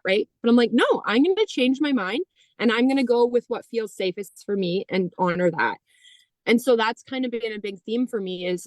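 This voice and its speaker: A woman in her thirties telling a personal story in conversation, animated, quoting herself and others and saying "like" often. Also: on the high side, no room sound. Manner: animated, heavy use of "like", acts out quoted dialogue. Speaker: podcast guest.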